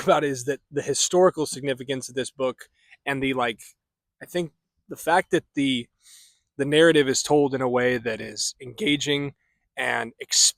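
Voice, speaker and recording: Young man, halting and rambling vlog book reviewer, mid-pitch voice, dry recording. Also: a bit bright, dry recording. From central United States. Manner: rambling, halting, many fillers and restarts. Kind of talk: casual stream-of-consciousness book review.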